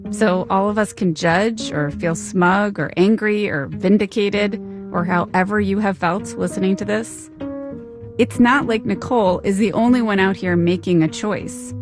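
A woman podcast host giving a reflective, measured scripted narration, with a few rhetorical questions. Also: medium pitch. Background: plucked guitar music.

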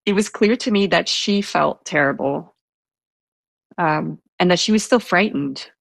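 Husky, gravelly soft-spoken woman. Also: on the low side, measured pace, no room sound. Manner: soft-spoken, hesitant, with fillers; self-described introvert. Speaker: guest telling a personal story. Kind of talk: casual storytelling interview.

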